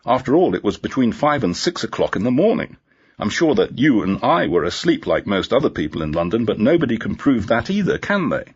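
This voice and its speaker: A man's voice: mid-range voice, sing-song, fairly quick, breathy edge, lo-fi sound, voice pushed up. A man voicing a dry, teasing woman police inspector in a storybook reading. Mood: wry.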